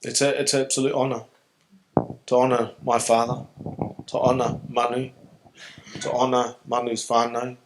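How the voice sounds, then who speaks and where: Here a middle-aged New Zealander, a guest at a live stage Q&A, pauses often while speaking in a medium-pitched, level voice at normal speed. He sounds earnest, reflective and emotionally open before the audience, though the background is noisy.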